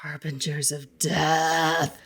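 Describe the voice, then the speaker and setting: A woman co-hosting a podcast, chatting casually and telling stories in a playful, animated way. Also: low voice, slow pace, slightly rough. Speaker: podcast co-host. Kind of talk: casual chat.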